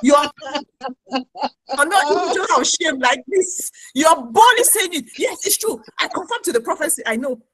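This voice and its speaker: A woman preacher delivering a lively sermon, mimicking her congregants and laughing often. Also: very high voice, moderate pace, a little hiss or hum, poor audio.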